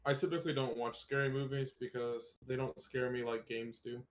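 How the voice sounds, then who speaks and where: A man co-hosting a casual podcast chat, telling stories in an animated way. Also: mid-range voice, brisk. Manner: animated, lively storyteller. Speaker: podcast co-host. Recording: clear background noise.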